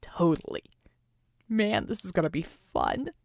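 A woman reading an audiobook, voicing a giddy, goofy young male acrobat who talks in an excited, boyish way. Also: fairly low pitch, a little slow, creaky, dry recording, studio quality, heavily acted.

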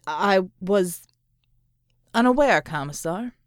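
A woman's voice: mid-range voice, lively intonation, takes it slowly, no room sound, clean studio sound. A woman voicing a disciplined male soldier who answers in a formal, guarded way. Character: wary, disciplined male soldier under orders.

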